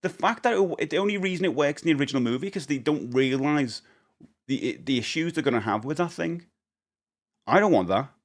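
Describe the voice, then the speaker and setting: A man's voice: on the high side, lively intonation, a little fast. A man, rambling cheerfully through a live-stream Q&A, reading out chat questions and laughing easily. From England. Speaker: livestreamer.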